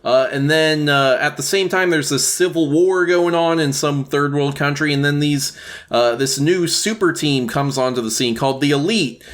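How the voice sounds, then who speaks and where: A man with a slightly high voice talks bluntly on a casual movie podcast. He argues his points hard and swears freely. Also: moderate pace, a bit bright. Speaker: podcast co-host. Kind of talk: casual movie review chat.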